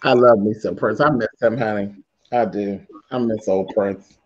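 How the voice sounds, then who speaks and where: A man's voice: on the low side, normal speed, slightly rough, dull audio. A man hosting a casual chat, sassy and drawling, full of endearments. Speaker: host of an online chat.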